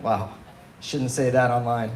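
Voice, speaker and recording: A young man in his twenties doing a loose, animated stand-up set at an open mic in a small bar. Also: medium pitch, unhurried, noisy background. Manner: loose, animated storytelling with laughs. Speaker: stand-up comedian. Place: small bar and coffee venue. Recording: echoey live room.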